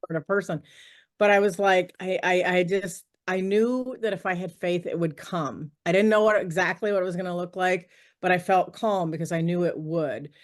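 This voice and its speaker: A middle-aged woman, a podcast guest on a video call, telling stories in a lively way, laughing often and acting out what people said. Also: fairly low pitch, moderate pace. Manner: lively, laughs often, acts out quoted dialogue. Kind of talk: animated storytelling in conversation.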